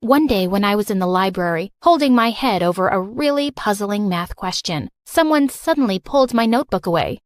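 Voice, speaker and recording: A woman narrating a first-person animated story with expressive, exasperated storytelling. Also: mid-range voice, brisk, hardly any pauses, no echo, studio quality.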